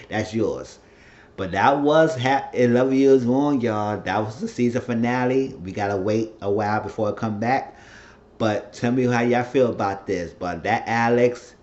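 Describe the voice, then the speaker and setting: A man casually recapping a TV episode in a chatty, animated retelling. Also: mid-range voice, normal speed, highs cut off. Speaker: TV show recap vlogger.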